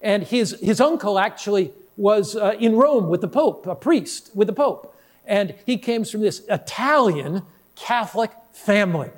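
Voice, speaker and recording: A man's voice: high voice, expressive. A middle-aged male pastor preaching a sermon, asking the congregation question after question and acting out people in his stories. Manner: asks the congregation rapid rhetorical questions; voices quoted people in a story.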